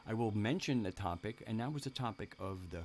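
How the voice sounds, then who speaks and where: A man with a very low voice hosts a casual live stream. He rambles, restarts sentences and breaks off to talk to his viewers in the chat. Faint noise and crickets sit behind his voice. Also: expressive, a little fast, darkish tone.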